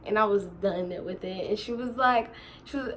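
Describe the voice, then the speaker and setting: A young woman in her teens telling a storytime vlog in casual chat, animated, slangy and quick to laugh while she quotes others. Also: mid-range voice, slight background noise. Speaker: vlogger.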